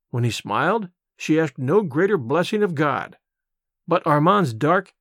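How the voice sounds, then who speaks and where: Expressive male storyteller, dry close voice. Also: a little high, no echo. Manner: expressive storytelling, slows on imagery. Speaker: audiobook narrator. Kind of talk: scripted literary narration.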